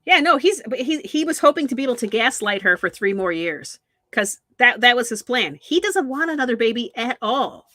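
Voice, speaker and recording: A woman's voice: on the high side, big pitch swings, brisk, bright, forceful tone, no room sound, studio quality. A woman co-hosting a casual recap chat, agreeing often and giving frank opinions. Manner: agreeable, frank commentary with short backchannels. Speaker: podcast co-host.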